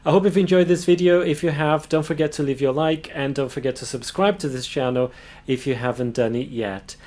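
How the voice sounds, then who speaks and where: A man giving a pronunciation lesson, sounding out words slowly and carefully. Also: on the high side, fairly even intonation, darkish tone. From Brazil. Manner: slow, careful demonstration of words. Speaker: language teacher.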